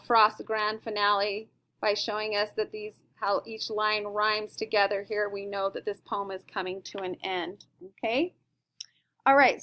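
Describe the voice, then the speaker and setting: A woman with a slightly high voice teaches a recorded lesson. She explains step by step in a patient way and keeps checking in with her listeners. Her delivery stays clear and instructive. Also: a bit bright.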